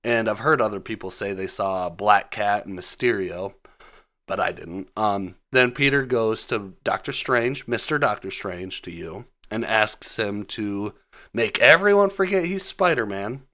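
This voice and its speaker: A man's voice: on the low side, animated, unhurried, pushed and bright. A man casually recapping a film on his podcast, laid-back and full of swearing. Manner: profane, laid-back storytelling. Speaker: podcast host.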